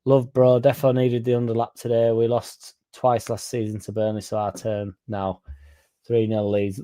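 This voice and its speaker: This fan stream host is a young man from England whose voice is mid-range with a dark tone. He reads viewers' comments aloud in loose, casual chat, cursing along the way.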